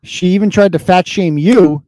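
A man in his thirties hosts a live show, his voice pitched a little higher than most men's. He rants casually, swearing freely and mocking people with heavy sarcasm. The sound is close and dry, with no room around it. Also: normal speed, dark tone, no room sound. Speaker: podcast host.

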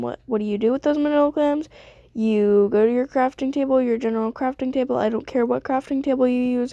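A woman's voice: high voice, mellow, no room sound, lo-fi sound. A young woman streamer giving rambling, self-deprecating casual commentary while she plays a game.

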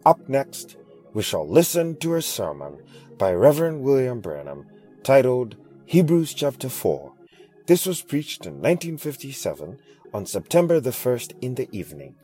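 A man's voice: mid-range voice, big pitch swings, normal speed, warm tone, faint music behind. A man giving a polite, formal scripted introduction as the program's announcer.

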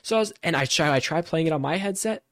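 A man's voice: a little high, fast, dry recording, clean studio sound. Young guy on a gaming podcast getting all worked up telling a story. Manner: animated storytelling, rises when worked up. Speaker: podcast co-host. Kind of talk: casual gaming chat.

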